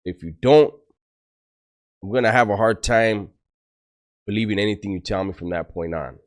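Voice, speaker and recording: A man's voice: on the low side, moderate pace. A middle-aged man, a former prisoner, giving blunt life advice and rambling prison stories to the camera, swearing freely. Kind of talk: casual storytelling to camera.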